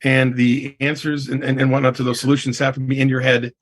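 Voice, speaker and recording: A middle-aged man with a husky, slightly breathy voice, speaking as a coaching guest in a relaxed podcast chat. He is emphatic and keeps checking in with his listener as he drives each point home. His pitch sits in an ordinary middle range. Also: fast. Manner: emphatic, leans on "I mean" and "right?". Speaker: real estate coach, guest. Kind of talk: casual podcast interview.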